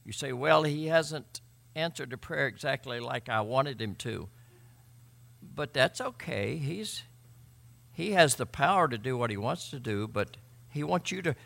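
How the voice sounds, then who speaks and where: A man preaching a sermon, emphatic, swinging between loud and quiet and often repeating words. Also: mid-range voice, animated, normal speed, gravelly. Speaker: pastor.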